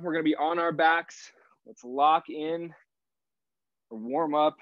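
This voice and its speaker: A man's voice: medium pitch, no echo, lo-fi sound. A man leading a live online core workout class, giving encouraging coaching cues while slightly out of breath. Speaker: fitness instructor.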